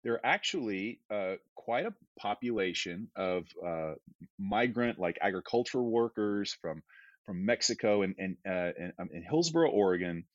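A man in casual conversation as a podcast guest, talking in a relaxed, rambling way with lots of fillers and restarts. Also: fairly low pitch, moderate pace, no echo. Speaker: guest theologian. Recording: dull, slightly lo-fi dry audio.

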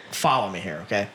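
A man chatting casually, telling stories in an animated way and swearing a lot. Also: fairly low pitch, roomy sound, heavy background noise. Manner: profane, animated storytelling. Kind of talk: casual chat.

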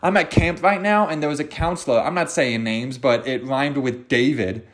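A man with a medium-pitched voice talks at normal speed on his solo podcast, rambling without a script and peppering it with jokes, swearing and self-mockery.

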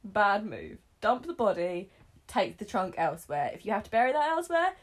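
A woman in casual chat, reacting with wry, expressive comments. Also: mid-range voice, moderate pace. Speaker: book podcast co-host.

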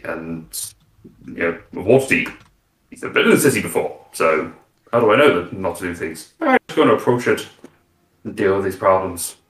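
A man's voice: low-pitched, echoey room, rough recording. A man chatting casually about his tabletop game character, rambling and playful as he trails off mid-thought. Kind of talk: casual panel chat.

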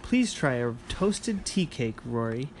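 A man voicing a kindly, protective male winter dragon in a storybook read-aloud, speaking gently with soft chuckles. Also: medium pitch, big pitch swings, takes it slowly, slight background noise. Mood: gentle.

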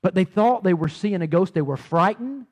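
Animated pastor, high lively voice. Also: male voice, moderate pace. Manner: animated, repeats words, swings loud and soft. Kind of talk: sermon.

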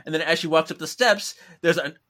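A young man co-hosting a casual book chat, recapping scenes in a relaxed way and acting out the characters' lines. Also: on the high side, a little fast. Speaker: podcast co-host.

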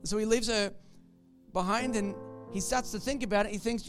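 High-voiced man preaching a conversational sermon. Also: steady tone, normal speed, faint music behind. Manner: conversational, joking storyteller.

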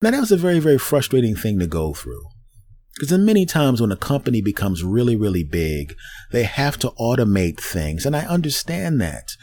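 A middle-aged man hosting a solo podcast, ranting in an animated way and acting out voices as he goes. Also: mid-range voice, brisk. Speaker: podcast host.

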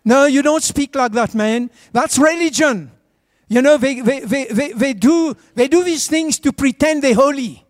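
A man's voice: very high-pitched, a little slow, dry recording, studio quality. A man preaching a sermon as a pastor in a church, urging the congregation to answer back. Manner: urges the congregation to respond.

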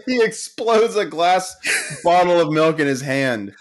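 A man's voice: high-pitched, expressive, takes it slowly. A man co-hosting a podcast in casual chat about a film, laughing often and correcting plot details. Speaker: podcast co-host.

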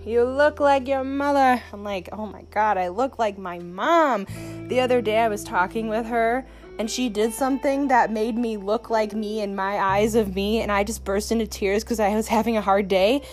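A woman's voice: steady tone, normal speed, faint music behind. Rambling, profane young woman podcaster. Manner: profane, rambling and sarcastic, with sudden pitch jumps. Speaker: podcast host. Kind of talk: rambling solo podcast rant. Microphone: phone.

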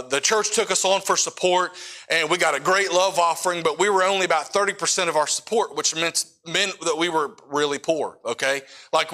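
Bright-voiced man telling a sermon story. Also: fairly high pitch. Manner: casual storytelling with frequent asides to the audience. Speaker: missionary preacher. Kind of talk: sermon testimony.

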